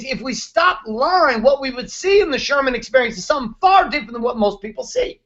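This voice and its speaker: The audio is dull, but this thirtysomething man's very high, slightly bright voice comes through as he hosts a show. He delivers a fired-up motivational rant, blunt and emphatic and loaded with profanity.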